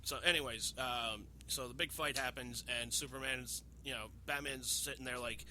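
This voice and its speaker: Podcast host, male, bright and forceful delivery, excitable profane recap, light background hiss. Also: mid-range voice, fairly quick, few pauses. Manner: profane, animated retelling, acts out quotes. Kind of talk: casual podcast chat.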